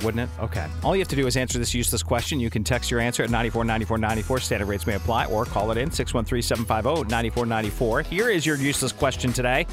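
A man's voice: fairly high pitch, fairly bright tone. A man co-hosting a morning radio show, chatting casually, laughing often and reading out listener texts.

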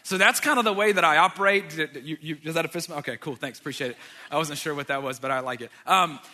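A man's voice: a little high, fast, pushed and bright. A man in his thirties telling a personal story in a sermon, as a pastor, with joking asides to the audience. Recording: long reverb of a large hall.

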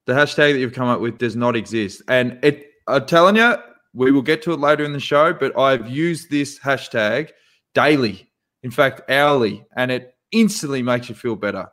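A man's voice: medium pitch, moderate pace. A man co-hosting a casual podcast. He tells stories with lots of energy and acts out the quotes in them. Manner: animated storyteller who acts out quotes. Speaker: podcast co-host. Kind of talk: casual banter.

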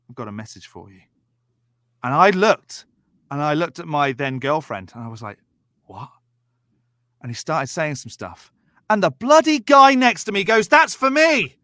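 Animated Southern English man, lively voice. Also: a little high, no room sound, studio quality. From south of England. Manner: animated, acts out quoted voices. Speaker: podcast guest. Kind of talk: casual storytelling chat.

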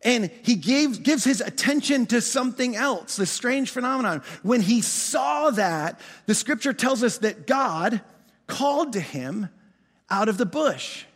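A man preaching a sermon as pastor, animated, often restarting words and asking his congregation questions. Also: extremely high pitch, measured pace, long reverb tail.

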